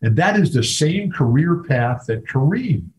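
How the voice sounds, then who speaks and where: A man's voice: on the high side, big pitch swings, unhurried, darkish tone, low-quality recording. An older man, a former college basketball player, talking as a guest in a casual interview, telling enthusiastic stories with many restarts.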